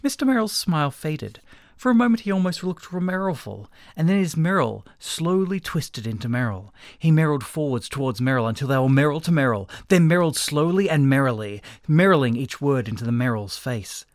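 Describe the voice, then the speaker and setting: Lively male storybook reader. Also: on the high side, brisk, no echo, clean studio sound. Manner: expressive, animated reading. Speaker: narrator. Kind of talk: comic storybook reading.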